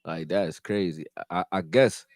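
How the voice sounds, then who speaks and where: A man hosting a live stream, chatting loosely with slang and getting loud and heated when reacting to plays. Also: low voice, moderate pace, dry recording, clean studio sound. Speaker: livestream host reacting to a football game. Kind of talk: casual live commentary chat.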